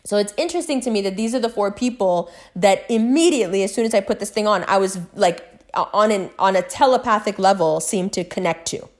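Profane, animated woman telling a story. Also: mid-range voice, a little fast. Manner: profane, animated, swings between loud excitement and hushed recounting. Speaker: vlogger. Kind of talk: casual storytelling monologue.

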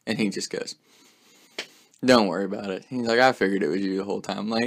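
A man's voice: fairly low pitch, fairly even intonation, a little fast, creaky. A young man casually telling a story in a laid-back way, swearing freely and saying "like" often. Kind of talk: casual anecdote.

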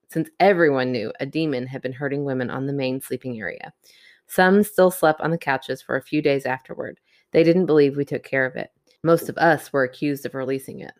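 A woman's voice: low-pitched, no room sound, clean studio sound. A woman co-hosting a podcast, reading a listener's spooky story aloud and chatting, laughing easily and teasing. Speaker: podcast co-host reading stories. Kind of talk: casual chat, reading listener stories.

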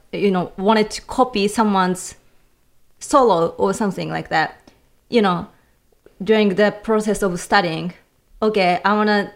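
Woman guest, slow searching talk w lots of ums. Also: medium pitch. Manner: hesitant, many fillers. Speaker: guest, cellist. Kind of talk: casual interview talk.

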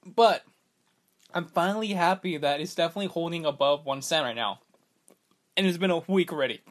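A man's voice: fairly high pitch, normal speed. A young man hosting his own podcast in a casual, rambling chat, full of filler words, and he has the hiccups. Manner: excitable and rambling, many fillers like "like" and "bruh". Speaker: podcast host.

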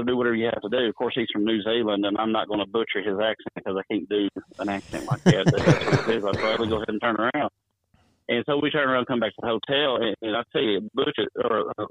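A wrestling promoter, telling stories in a rambling, chuckling way while calling in to an interview. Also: male voice, on the low side, dry recording. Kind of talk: phone-in interview storytelling. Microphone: phone. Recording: tinny dry phone line.

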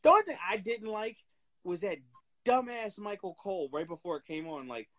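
This man has a high voice and talks fairly quickly. He's a wrestling podcast co-host in casual conversation, profane and laughing, telling his stories with lots of animation.

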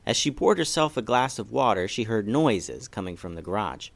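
A man's voice: on the low side, normal speed, creaky. A man reading a children's bedtime story aloud as the host of a kids' story podcast. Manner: gentle, expressive, storytelling.

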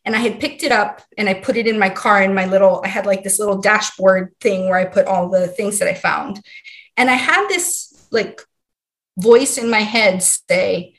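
A woman from Hawaii speaks as a podcast guest, sharing a personal story. Her telling is earnest and heartfelt, with a voice of ordinary middle pitch. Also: moderate pace, fairly bright tone.

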